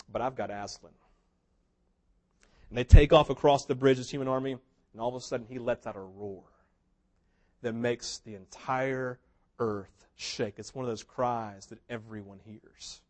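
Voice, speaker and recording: A man preaching a sermon, telling a story with big swings between loud, excited passages and hushed ones, sometimes acting out what characters say. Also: medium pitch, moderate pace. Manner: mimics characters in quoted asides. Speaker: pastor.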